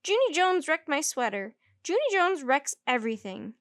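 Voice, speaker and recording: A woman voicing a shrill, whiny and dramatic little schoolgirl who wails her complaints in a storybook reading. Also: sing-song, moderate pace, a bit bright, no echo. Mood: grouchy. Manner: wailing, shrieking complaints. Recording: dry close recording.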